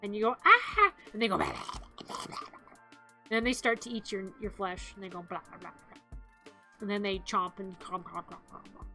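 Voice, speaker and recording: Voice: mid-range voice, steady tone, brisk, long pauses, sharp tone, soft background music. A streamer chatting casually on a live stream, in a playful, giggly way, acting out zombie growls and screams.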